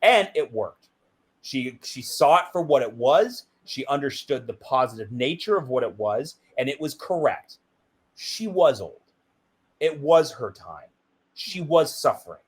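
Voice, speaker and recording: Lively, animated man telling stories. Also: moderate pace. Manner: animated, acts out quoted dialogue with big pitch jumps. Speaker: guest. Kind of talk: candid interview storytelling.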